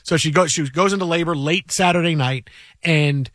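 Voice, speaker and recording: A man in his forties hosting a sports radio show, chatting and telling a story with lively acted-out quotes. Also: a little high, normal speed, no room sound, clean studio sound. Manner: animated, acts out voices when telling a story. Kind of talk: casual sports talk and storytelling.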